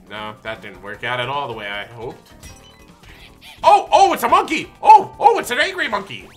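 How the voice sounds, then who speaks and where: A young man giving excitable gameplay commentary, yelping and shouting at the game. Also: a little high, normal speed, soft background music. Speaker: gaming video host.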